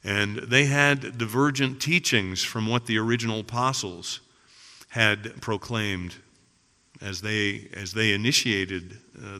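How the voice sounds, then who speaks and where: Male pastor, bright tone, earnest sermon delivery, reverberant church sound. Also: lowish voice. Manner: earnest preaching, builds emphasis with repetition. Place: church sanctuary. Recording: long hall reverb.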